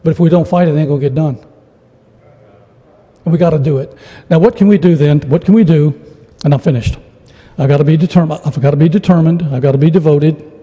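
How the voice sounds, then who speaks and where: A man's voice: fairly high pitch, brisk, pauses often, mellow, breathy edge. A middle-aged man preaching a sermon as a traveling evangelist, folksy and humorous, with frequent stammered restarts, in a church. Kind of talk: sermon with storytelling. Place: church sanctuary. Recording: church hall reverb.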